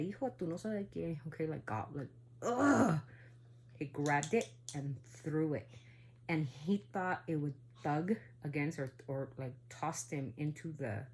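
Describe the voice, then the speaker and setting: A woman casually telling a spooky family story, rambling with asides and questions to the listener, sometimes going hushed for the eerie parts. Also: deep voice, slight background noise. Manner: rambling, full of asides and "right?".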